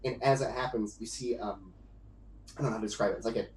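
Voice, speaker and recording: A man's voice: on the low side, fast talker, darkish tone, echoey room, a little hiss or hum, poor audio. A man narrating as game master of a tabletop game, in a loose, rambling way full of fillers.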